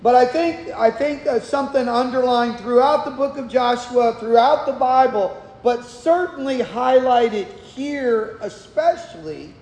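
A man preaching a sermon as pastor of a church, reading scripture and explaining it in a measured, unhurried way with frequent restarts. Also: very high-pitched, darkish tone. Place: church sanctuary. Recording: echoey hall, long reverb.

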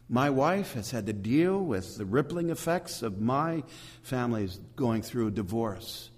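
A man preaching a sermon, animated and emphatic, with asides to the congregation. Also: medium pitch, a little slow, breathy edge, in a large hall. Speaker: pastor.

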